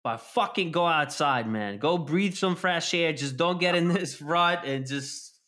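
A man chatting casually on a podcast, animated and swearing constantly as he acts out scenes. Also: fairly high pitch, a little slow. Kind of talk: casual profane chat.

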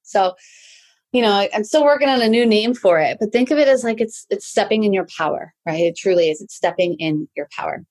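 A woman coaching listeners in a relaxed solo talk, often checking in with "right?". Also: mid-range voice, a little fast. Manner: conversational, tags many sentences with "right?". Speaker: life coach.

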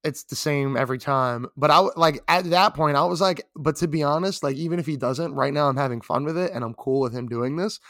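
A man's voice: fairly high pitch, brisk, hardly any pauses, a bit bright, dry recording, clean studio sound. A man co-hosting a podcast, talking casually and animatedly about music, filling his sentences with "like" and casual swearing. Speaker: podcast co-host. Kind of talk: casual music review chat.

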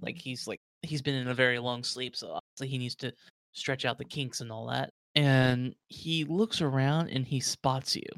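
A man's voice: mid-range voice, fairly even intonation, moderate pace, fairly bright tone, no room sound. Male game master, mid-range voice, loose rambling narration, dry close mic. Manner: rambling, heavy with "like".

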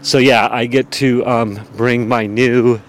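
Slow-paced and mid-range, with little pitch movement, a man hosts a podcast outdoors in a town amid slight background noise. His casual personal monologue rambles about himself, packed with fillers and self-deprecating remarks.

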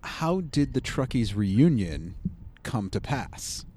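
A man's voice: mid-range voice, big pitch swings, takes it slowly, warm tone, slight background noise. A man with a Cleveland accent interviewing a guest, encouraging and friendly, often chiming in with short acknowledgements. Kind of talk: conversational interview.

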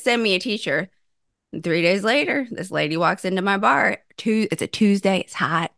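A woman's voice: medium pitch, fairly bright tone, no room sound, studio quality. A woman in her thirties telling her own story in casual chat, acting out her own quotes with big swings in voice and swearing freely.

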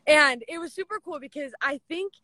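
A woman's voice: sits high, fairly quick, bright, forceful tone, dry recording. A young woman giving a casual, gushing scripture talk, packed with "like" and retelling stories as chatty back-and-forth. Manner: gushing, filler-heavy with constant "like". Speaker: devotional speaker.

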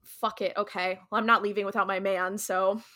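A woman's voice: medium pitch, level tone, moderate pace, pushed and bright. A woman co-hosting a podcast, retelling a TV episode in a chatty, slangy way full of "like". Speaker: podcast co-host. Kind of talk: casual episode recap.

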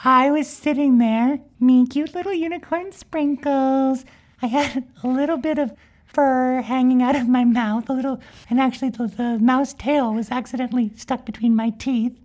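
Woman playing a high, giggly little unicorn girl for a comedy podcast, rambling and mischievous. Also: steady tone, normal speed, a little mellow, natural voice. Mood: chatty. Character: cheerful young magical unicorn girl, mischievous. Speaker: podcast character. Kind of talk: improvised comic storytelling.

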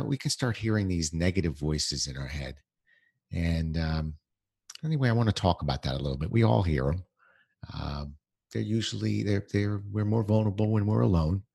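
A man's voice: sits low, vocal fry, a little mellow, breathy edge, no echo, clean studio sound. A man hosting a solo motivational podcast from home, speaking conversationally with plenty of fillers and restarts. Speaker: podcast host.

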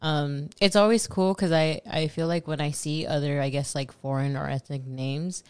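A woman's voice: low-pitched, fairly even intonation, moderate pace, darkish tone, smooth. A woman hosting a podcast, chatting in an easygoing way and asking the guest questions. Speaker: podcast host and interviewer. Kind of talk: casual podcast chat.

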